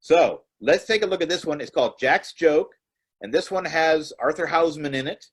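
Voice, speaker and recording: A man's voice: on the high side, moderate pace, slightly rough. A middle-aged man, a film archivist, giving an informal, chatty lecture with small hesitations. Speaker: film archivist presenting early films.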